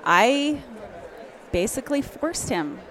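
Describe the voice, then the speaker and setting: A woman's voice: sits high, sing-song, takes it slowly, a bit bright, some chatter behind. A woman dental office manager chatting casually, laughing often and telling stories animatedly. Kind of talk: casual chat. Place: conference booth.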